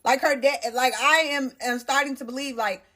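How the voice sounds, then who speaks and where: A young adult woman telling her own story in a casual storytime monologue, emotional and animated, talking straight to her viewers. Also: high voice, moderate pace.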